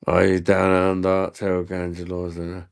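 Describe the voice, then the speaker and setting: A man's voice: low-pitched, completely flat delivery, measured pace, creaky, clear, resonant tone. A man from the UK chatting casually on a live stream, rambling and swearing as he answers viewers' comments. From United Kingdom.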